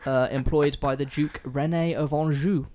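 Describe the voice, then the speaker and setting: A man's voice: on the high side, fairly even intonation, moderate pace, dark tone, a little hiss or hum. A man hosting a casual history podcast, telling the story in a loose, sweary, joking way. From not American. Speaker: podcast host.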